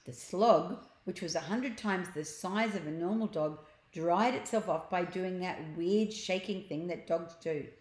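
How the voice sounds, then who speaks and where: A woman reading a children's storybook aloud at a slow, careful pace. Her voice sits a little low, and she stops to explain words and pictures to young listeners. The room gives it a noticeable echo. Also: darkish tone. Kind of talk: children's book read-aloud. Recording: echoey room.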